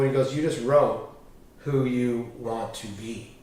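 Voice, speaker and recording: Man, podcast guest, candid storytelling, animated, echoey room, distant mic. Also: medium pitch, takes it slowly, slight background noise. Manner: animated, swearing, acts out quoted dialogue.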